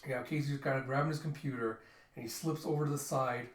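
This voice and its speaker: A man hosting a casual comic readthrough, animatedly reading out character lines with shouts and sound effects. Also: medium pitch, fairly even intonation, fast, roomy sound.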